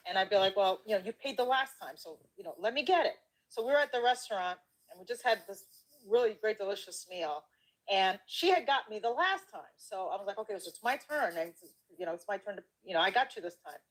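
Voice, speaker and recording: A woman's voice: mid-range voice, expressive, quick pace, poor audio. A woman guest telling a casual story with frequent laughter, acting out the quoted dialogue. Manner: laughing often, bantering, acts out quoted dialogue.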